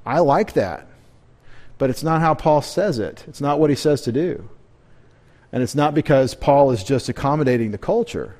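A man's voice: medium pitch, expressive, normal speed, a little mellow. Man, pastor, midweek sermon, conversational, questions to the congregation, joking asides.

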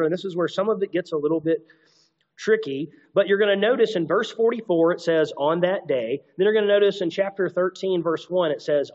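A man's voice: sits high, a little mellow, dull audio. A man preaching an expository sermon, reading scripture aloud and adding conversational asides. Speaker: pastor.

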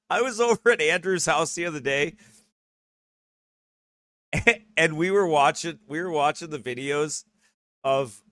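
A man hosts a loose, rambling broadcast. He talks in a fairly high, tense voice and laughs often. The sound is dry, with no room echo. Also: fairly bright tone. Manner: rambling, repeats "okay?" and "right?"; laughs often while talking. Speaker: host.

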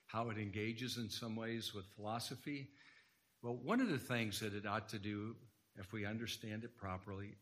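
A man's voice: lowish voice, a bit bright. A man preaching an earnest sermon in a church, quoting scripture and rising to emphatic points. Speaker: guest preacher. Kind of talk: sermon lecture.

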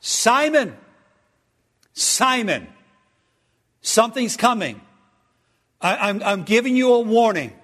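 A man's voice: very high-pitched, big pitch swings, slow, pauses often, a bit bright, big-room sound, heavily acted. A man voicing an earnest male teacher who gives an urgent warning.

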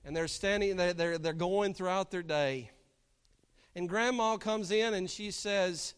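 A man's voice: sits high, unhurried, clear, resonant tone. A man preaching a sermon, telling a story and then building to fervent emphasis as pastor. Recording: long hall reverb.

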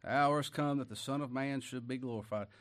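A man preaching a sermon who reads scripture loudly and slowly, then drops to quiet asides and rhetorical questions in a folksy way. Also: fairly even intonation. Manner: swings from loud, slow scripture reading to quiet, low asides.

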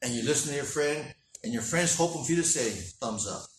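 A man preaching a sermon as a pastor, animated and acting out dialogue in character voices. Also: medium pitch, a little fast, a little hiss or hum. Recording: echoey room, mic at a distance.

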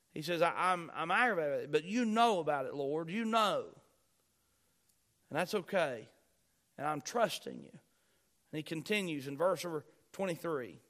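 Male pastor, higher-pitched, preaches with insistent repetition. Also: a bit bright. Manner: preaching with rising emphasis, repeating key phrases. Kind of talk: sermon.

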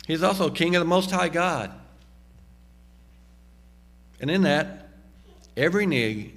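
A man preaching a sermon, slowing down and dropping low on key phrases and rising sharply when he exhorts. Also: fairly bright tone. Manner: emphatic, slows and drops low on key phrases; rises sharply in pitch and volume when exhorting. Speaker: pastor.

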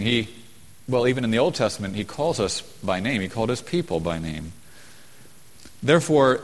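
Emphatic preacher in a reverberant hall. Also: male voice, mid-range voice. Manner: emphatic, slows down to stress key phrases. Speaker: pastor. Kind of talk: sermon.

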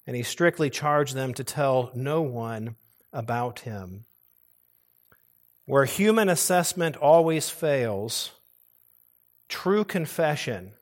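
A male pastor preaching a sermon earnestly, pressing hard on key words and now and then restarting a phrase. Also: mid-range voice. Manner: occasional restarts and repeated phrases.

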